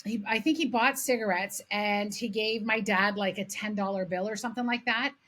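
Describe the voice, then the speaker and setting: A middle-aged woman from Canada co-hosting a podcast, telling animated stories in casual chat and swearing freely. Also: medium pitch, moderate pace. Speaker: podcast co-host.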